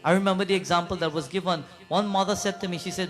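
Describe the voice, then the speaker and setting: This pundit's sermon at a prayer gathering comes fast and in a steady tone, with hardly any pauses, as his high-pitched voice retells a devotional story. He regularly questions the listeners and shifts into sung verses, soft music faint in the background.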